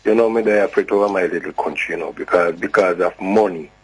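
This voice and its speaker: A man's voice: sits low, fast talker, breathy edge, rough recording. A man with a Jamaican accent calling a radio show, talking in a rambling, heated way and repeating himself. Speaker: caller. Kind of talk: phone-in call.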